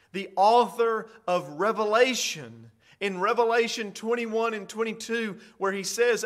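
A middle-aged male preacher delivering a sermon at an unhurried, deliberate pace. His voice sits a little high for a man, and he leans hard on key words, climbing to loud, ringing declarations before dropping back. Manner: slow, emphatic preaching that rises to loud declarations.

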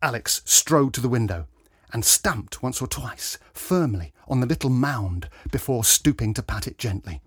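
A man narrating a story in a gentle, expressive storytelling manner. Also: mid-range voice, moderate pace, husky, dry recording, clean studio sound. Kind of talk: storybook reading.

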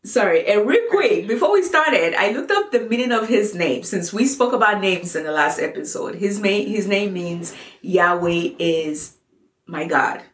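A woman's voice: medium pitch, lively intonation, a little slow. A woman co-hosting a faith podcast, chatting casually and laughing as she explains a Bible story. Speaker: podcast co-host. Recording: echoey room.

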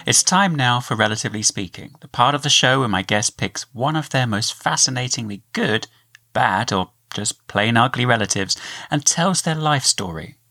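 A man hosting a podcast, giving brisk segment introductions and bantering lightly with his guest. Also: mid-range voice, lively intonation, pushed and bright, faint music behind. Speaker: podcast host.

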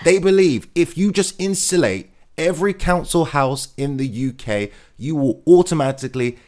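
A man's voice: on the high side, animated, normal speed, darkish tone. A man hosting a comic news monologue, sarcastic and mock-enthusiastic as he rattles through the headlines. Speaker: comedy host.

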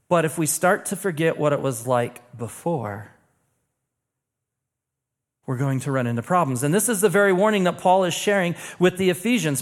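A young man delivers a sermon from the pulpit with a fairly high voice. He talks to the congregation in a relaxed, conversational way, then slows down and drops his voice for weighty lines. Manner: conversational preacher, dramatic pauses, acts out quoted dialogue. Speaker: pastor.

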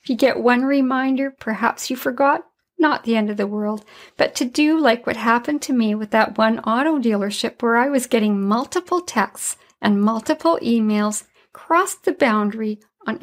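A woman's voice: a little high, normal speed. A woman in her sixties, a retired grandmother, hosting a solo podcast and telling stories in a chatty way, laughing now and then. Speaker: podcast host.

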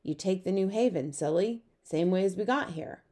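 A woman's voice: on the low side, normal speed, mellow, lightly acted. A woman doing a practical young boy. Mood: impatient. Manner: matter-of-fact, teasing.

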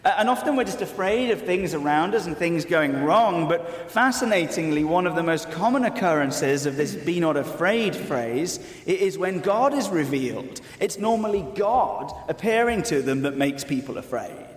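A man's voice: fairly high pitch, expressive, normal speed, hardly any pauses. A man preaching a sermon, earnest and explanatory with wry asides. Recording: echoey hall with long reverb.

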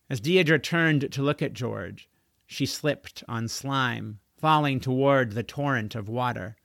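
Slow, gravelly male storybook narrator. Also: medium pitch, fairly bright tone, no echo, clean studio sound. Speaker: audiobook narrator. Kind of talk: storybook reading.

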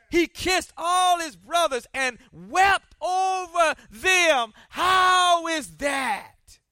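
A pastor with a very high, bright, sharp voice preaches slowly and deliberately, dropping to near whispers for scripture before rising into shouted, repeated questions. The recording is dry and close, with no room sound. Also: male voice, no room sound. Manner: preaching with dramatic swings from soft to shouted. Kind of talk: sermon.

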